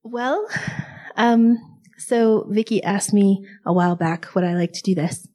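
A woman's voice: mid-range voice, unhurried, dark tone. Woman chatting casually about faith, wry storytelling, mid voice. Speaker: guest speaker in an online faith group.

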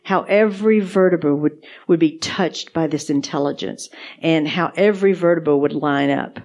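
A podcast co-host with a deep, slightly mellow voice shares faith testimonies in casual chat at a normal pace. She's earnest and repeats words for emphasis.

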